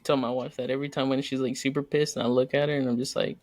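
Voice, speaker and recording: A man's voice: medium pitch, very fast, no room sound. A man co-hosting a podcast, telling a story about his wife in casual chat and acting out the quotes in different voices. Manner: animated, acts out quotes in varied voices. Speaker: podcast co-host.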